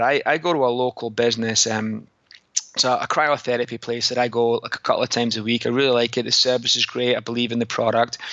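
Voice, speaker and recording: A man's voice: mid-range voice, pushed and bright, no room sound, muffled recording. A man hosting a fitness business segment in a put-on Scottish accent, telling a story with chatty rhetorical questions. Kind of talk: casual podcast lesson.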